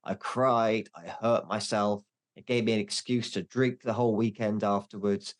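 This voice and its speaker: Candid, self-mocking man, lowish voice. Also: steady tone, normal speed. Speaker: podcast guest. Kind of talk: casual interview chat.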